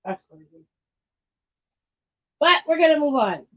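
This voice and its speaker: A woman with a slightly higher voice than most, talking in a loose, rambling way. She giggles often and trails off into fillers as she chats on a podcast. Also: expressive, unhurried. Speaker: podcast co-host. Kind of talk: casual chat.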